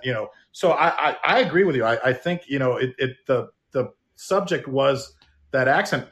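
A man with a voice a little higher than most, talking casually. He rambles, hesitating and repeating words as he searches for his point. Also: fairly quick, fairly bright tone. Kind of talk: casual conversation.

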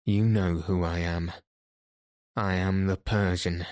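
A man reading as a calm mysterious stranger. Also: low voice, takes it slowly, no echo, clean studio sound.

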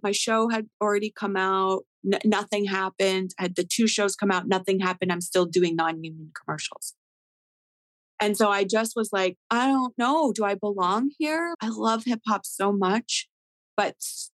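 A woman in her thirties, a rapper guest telling a story in a casual interview, animated and swearing often as she acts out what people said. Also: medium pitch, moderate pace, no echo, poor audio. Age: 30s.

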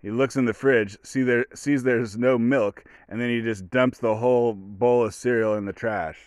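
A man's voice: mid-range voice, fairly even intonation, moderate pace, a little mellow, clean tone, no echo, studio quality. A man hosting a casual solo podcast, rambling as he retells movie scenes and acts out the quotes. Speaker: podcast host.

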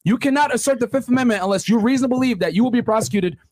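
A man's voice: very high-pitched, rapid-fire, a little mellow, dry recording. A podcast co-host on a call in a heated debate, combative and insistent, repeating his jabs.

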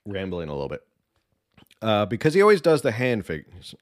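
A man with a lowish voice, recorded dry and close with no room sound. He talks through politics in a loose, rambling, opinionated way, full of ums and restarts. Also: wildly swooping pitch, a little fast, no echo. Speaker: political commentator. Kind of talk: casual political commentary.

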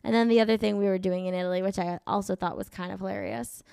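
A woman's voice: mid-range voice, steady tone, fast, vocal fry, hardly any pauses, mellow, smooth, no echo, clean studio sound. A woman hosting a comedy podcast, chatting in a brash, crude, joking way. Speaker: podcast host. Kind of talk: casual podcast chat.

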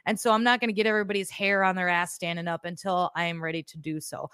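A woman's voice: on the low side, level tone, quick pace, fairly bright tone, smooth, no room sound, clean studio sound. A woman hosting a podcast, giving blunt, profane, sarcastic political commentary in a casual way. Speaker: podcast host.

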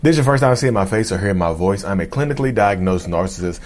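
Host, male, lowish voice, energetic casual vlog delivery, rambles and restarts, close to mic. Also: fast. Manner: animated and rambling, with slang and frequent restarts. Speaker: YouTube host.

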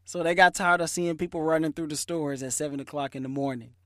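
A man, hosting a podcast and telling a lively, slangy story in a casual way. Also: on the high side, fast talker, no echo, studio quality. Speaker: podcast host.

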